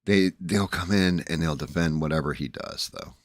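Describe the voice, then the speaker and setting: A groggy man hosts a casual livestream chat, his voice sitting very low. He rambles bluntly, swears freely and restarts his sentences. The sound is dry and close, with no room around it. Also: normal speed, no room sound. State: groggy, just woke up. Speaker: livestream host.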